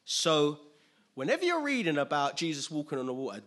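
A man preaching in a loose, conversational sermon, often checking that listeners follow along. His voice is husky but forceful and bright. He laughs often as he talks. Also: fairly high pitch, big pitch swings, normal speed.

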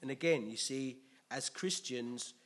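A man preaching a sermon with animated, emphatic delivery and call-and-response. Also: mid-range voice, a little slow.

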